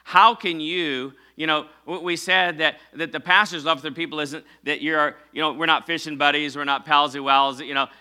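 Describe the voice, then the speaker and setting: Bright-voiced preaching pastor. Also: male voice, fairly high pitch, fairly even intonation, normal speed, hardly any pauses, clean tone. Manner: preaching with call-and-response to the congregation; fillers and self-corrections, conversational. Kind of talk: sermon.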